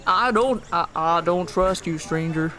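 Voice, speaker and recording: A streamer voicing a stern frontier sheriff in a put-on Southern drawl, gruff and threatening. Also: mid-range voice, a little slow, pushed and bright.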